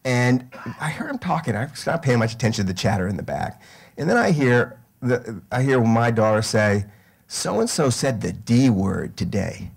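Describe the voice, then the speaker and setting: Middle-aged man, storytelling to a crowd, halting, full of fillers and restarts. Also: medium pitch. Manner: halting, many fillers and restarts, grows animated. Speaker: speaker telling a story. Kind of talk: storytelling to a live audience.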